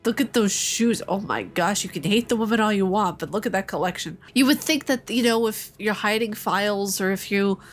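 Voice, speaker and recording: A young woman gives casual let's-play commentary, talking playfully to her viewers. Her voice sits at a middle pitch, and faint music plays behind her. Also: fairly quick, few pauses. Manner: playful, chatty, talks to the viewers. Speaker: gaming channel host.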